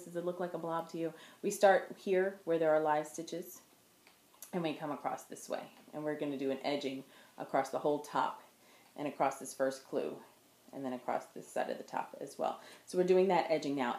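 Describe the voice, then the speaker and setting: A woman's voice: deep voice, warm tone. A woman hosting a knitting video podcast, chatting casually and correcting herself as she shows her work to the camera. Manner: chatty, meandering, self-correcting while showing work to camera. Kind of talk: casual show-and-tell chat. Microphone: camera in front of her. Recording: roomy echo.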